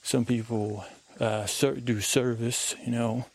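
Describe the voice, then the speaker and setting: A man's voice: medium pitch, steady tone, takes it slowly, a little mellow. A tired man hosting a podcast, musing in a meandering way while he walks outdoors in the woods. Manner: meandering, musing, full of fillers. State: tired and dehydrated. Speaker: podcast host. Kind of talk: rambling sleep-podcast monologue. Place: outdoors on a woodland walk.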